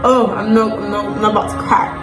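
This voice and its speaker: A woman's voice: medium pitch, fairly even intonation, quick pace. A woman hosting a reaction video, exclaiming and gushing with emotion as she comments in a casual way. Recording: echoey room with loud music from the played clip. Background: loud music from the clip.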